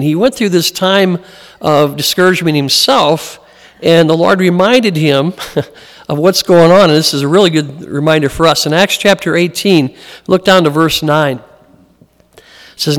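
A man preaching a sermon as pastor, in a conversational style that acts out the voices he quotes. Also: fairly high pitch. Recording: long hall reverb.

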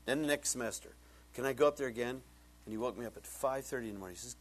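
A man preaching as a pastor, telling a personal story with lively acted-out dialogue that swings up high when he gets excited. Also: very fast, a little hiss or hum. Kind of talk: sermon with storytelling.

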